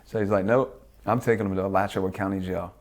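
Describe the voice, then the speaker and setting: A man's voice: deep voice, fast talker. A man being interviewed as a guest, telling a story casually with lots of swearing and acted-out quotes. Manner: profane, lively storyteller who acts out quotes.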